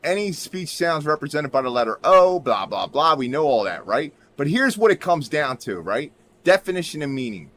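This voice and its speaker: A man in a rambling livestream monologue, swinging his pitch up and down as he talks. His voice sits a little high for a man. He keeps punching lines with "right?" and sometimes drops to a mutter, with keyboard typing behind him. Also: big pitch swings, normal speed, hardly any pauses, fairly bright tone. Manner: repeats "right?" constantly, emphatic, drifts into mutters. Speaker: livestream host.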